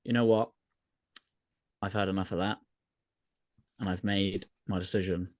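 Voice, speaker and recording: A man's voice: deep voice, fairly even intonation, unhurried, no room sound. A man hosting a podcast in casual chat, rambling and laughing a lot. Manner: laughs often, rambling, self-correcting. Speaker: podcast host.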